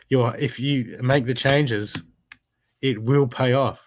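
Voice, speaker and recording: A man with a medium-pitched voice speaks slowly while giving a live spiritual card reading as an intuitive reader. His style is emphatic and repetitive, like a coach.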